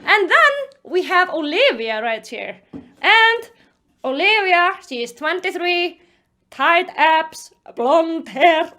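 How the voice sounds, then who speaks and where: Woman roasting a book, super high voice, sarcastic and exasperated. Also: very slow, pauses often. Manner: animated, mocking, exasperated outbursts. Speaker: book commentary vlogger. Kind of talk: sarcastic book review commentary.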